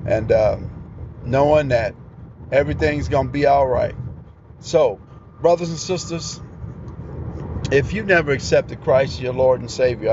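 Earnest preacher man, lo-fi. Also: medium pitch. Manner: earnest, plain-spoken exhortation. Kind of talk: podcast sermon. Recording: dull lo-fi sound, faint outdoor traffic noise.

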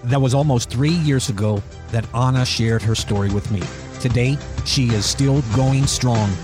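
A man hosts a faith program, introducing stories in a measured presenting manner at a mid pitch. Faint music sits under his voice. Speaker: host. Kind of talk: program narration and testimony.

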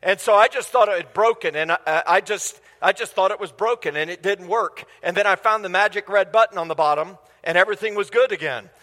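As a guest speaker in a church sanctuary, a man preaches with enthusiasm and a conversational style, often putting questions to the congregation. His high-pitched voice is sharp and a bit quick, with few pauses, and a long hall reverb trails each word.

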